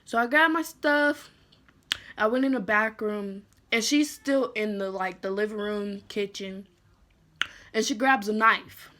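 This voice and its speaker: Young woman halting through a storytime. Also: medium pitch, fairly even intonation, sharp tone. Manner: halting, full of "like" fillers and restarts; somber, emotional retelling. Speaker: vlogger. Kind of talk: storytime vlog.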